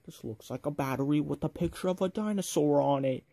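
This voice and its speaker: A man's voice: a little high, brisk, vocal fry, mellow, no room sound, voice pushed up. A young man voicing a blustering male villain boss who barks orders at his minions, in a casual video review. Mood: bossy. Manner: bossy, barking orders.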